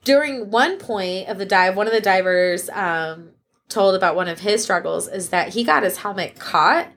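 A woman's voice: medium pitch, normal speed, fairly bright tone. Woman, podcast co-host, casual storytelling, chatty retelling. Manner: storytelling, retells events with quoted voices. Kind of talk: casual chat.

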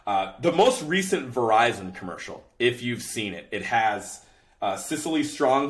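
A man's voice: fairly low pitch, fairly bright tone. A young man hosting a casual sports podcast, venting in an exasperated, laughing way about bad commercials. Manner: ranting, exasperated, laughs often. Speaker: podcast host.

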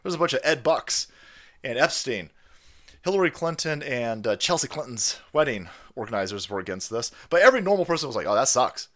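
A man's voice: mid-range voice, sing-song, brisk, a bit bright. A man hosting a stream, ranting in profane commentary, laughing and mocking people in put-on voices. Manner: foul-mouthed, laughing, mocking impressions. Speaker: streamer host.

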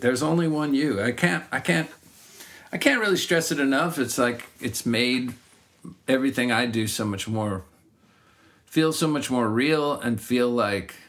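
Middle-aged male songwriter, reflective and rambling, average pitch, talks in loose casual chat. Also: moderate pace, fairly bright tone. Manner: reflective, rambling, frequent restarts. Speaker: singer-songwriter. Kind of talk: casual conversation.

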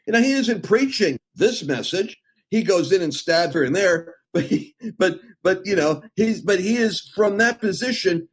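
A middle-aged man preaching in an emphatic, rambling way, with sudden loud outbursts. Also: fairly high pitch, husky, low-quality recording. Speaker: preacher and host. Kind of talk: impassioned preaching talk.

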